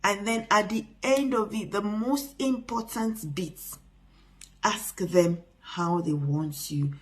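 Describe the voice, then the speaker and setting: A middle-aged woman hosting a parenting channel, talking earnestly to camera with frequent restarts and pauses. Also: mid-range voice. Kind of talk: casual advice talk to camera.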